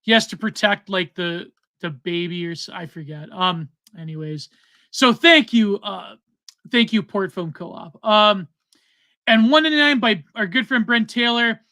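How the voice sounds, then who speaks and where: A man's voice: high voice, unhurried, pushed and bright, dry recording. A man from Canada hosting a podcast, reading donations and chatting in a rambling, trailing way. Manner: rambling, filler-heavy, trailing off. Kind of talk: casual chat.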